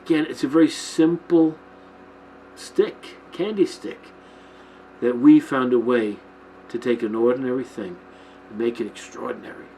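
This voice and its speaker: A man's voice: medium pitch, normal speed, gravelly, dark tone, a little hiss or hum, low-quality recording. A man hosting a Christian teaching show, talking informally to his camera and checking in with listeners often. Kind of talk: informal Bible-themed talk to camera. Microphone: camera mic, filming himself.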